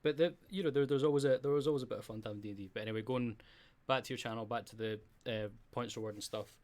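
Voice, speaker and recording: A Scottish man hosting a podcast, easygoing and quick to laugh along. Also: medium pitch, a little mellow. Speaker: podcast host. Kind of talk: casual podcast interview.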